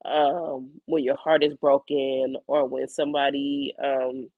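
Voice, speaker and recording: A hoarse woman in her forties with a fading voice and a cough, talking candidly and reflectively in her personal video journal. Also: extremely low pitch, flat delivery, slow pace, no room sound, phone-quality sound. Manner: candid, rambling, colloquial, reflective. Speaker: psychic medium keeping a video journal.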